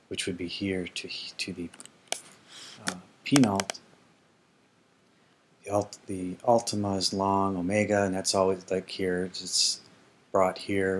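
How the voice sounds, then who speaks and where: Explaining ancient Greek grammar in a relaxed lesson, this man reasons aloud and fixes his own mistakes as he goes. His voice is low and a little bright.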